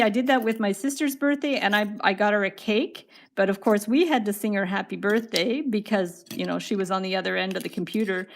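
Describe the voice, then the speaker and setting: Chatty woman with gravelly fry. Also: mid-range voice. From Canada. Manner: chatty and upbeat, answering viewer comments while working. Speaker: wire craft livestream host. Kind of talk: casual livestream craft tutorial, chatting with viewers.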